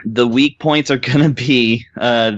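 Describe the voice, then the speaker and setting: A man co-hosting a casual podcast, rambling through a game review with plenty of fillers and small laughs. His voice sits at a middling pitch. The sound is dry and a little dull, like a modest home setup. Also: steady tone, measured pace, no echo. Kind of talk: casual chat.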